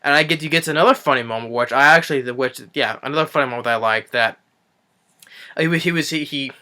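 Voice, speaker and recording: A man's voice: mid-range voice, fast talker, bright, forceful tone. A man recapping a movie in a casual review, rambling with frequent restarts and swearing.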